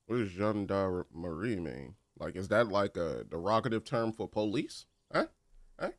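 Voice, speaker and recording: A man's voice: low-pitched, normal speed, no room sound. A man casually commenting on a game, reading its text aloud with joking asides. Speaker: game streamer.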